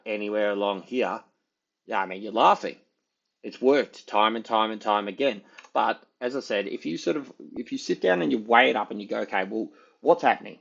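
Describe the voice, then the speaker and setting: A man's voice: on the low side, creaky, husky, highs cut off. A man giving casual, rambling market commentary, thinking aloud with many fillers as he talks through charts. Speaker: market analyst.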